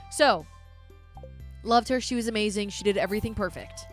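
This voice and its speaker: A woman streamer telling a story to her live chat in a casual, animated way, swearing freely and sounding exasperated. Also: mid-range voice, normal speed, faint music behind.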